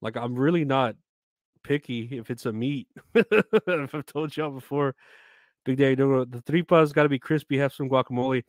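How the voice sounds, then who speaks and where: A man's voice: medium pitch, normal speed, no echo, clean studio sound. Laid-back man chatting on a live stream. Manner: laid-back, rambling, swears often, reads out chat names. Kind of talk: casual live-stream chat.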